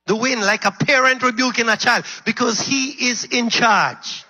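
A male preacher delivering an animated sermon that swings between loud shouts and low murmurs, calling out to his congregation. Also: normal speed, few pauses, slightly rough, low-quality recording. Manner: calls out to the congregation.

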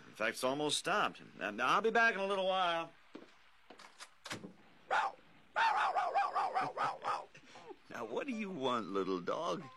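Guy playing a determined country fella in an old radio play, voice all over the place, heavy hiss. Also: medium pitch. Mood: coaxing. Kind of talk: old-time radio drama acting. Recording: hissy old radio recording.

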